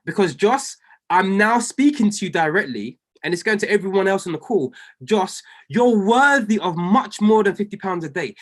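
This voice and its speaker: A man's voice: sits high, expressive, normal speed. Fervent male coach repeating his points. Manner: fervent, repeats lines for emphasis, addresses listeners by name. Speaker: trading coach. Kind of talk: motivational group call.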